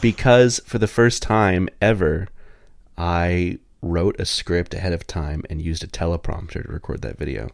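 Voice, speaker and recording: A man co-hosting a podcast in casual chat, relaxed and explaining things at length. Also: low voice, moderate pace, vocal fry, no room sound, clean studio sound. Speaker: podcast co-host.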